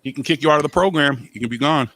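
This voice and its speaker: Gravelly man teasing his friends. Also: fairly high pitch, rapid-fire, a bit bright. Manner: crude, teasing banter. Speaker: host of a live stream chat. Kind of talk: casual group voice chat.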